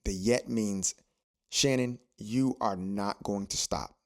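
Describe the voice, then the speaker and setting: Low-voiced man preaching encouragement on a podcast. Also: slow. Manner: preachy, repeats phrases for emphasis. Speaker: podcast host. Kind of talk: motivational podcast monologue.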